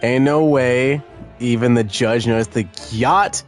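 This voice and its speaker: A man's voice: mid-range voice, a little slow, soft background music. A man streaming a video game, reading its dialogue aloud and joking with his chat in casual commentary. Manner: joking, laughs often, mixes read lines with chat banter. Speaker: let's-play streamer.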